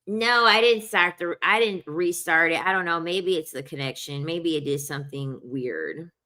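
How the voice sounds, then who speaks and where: This woman's voice is fairly low, pushed and bright, moving at a normal speed. Ranting casually and bluntly to her audience, she curses freely and repeatedly apologizes with "I'm sorry."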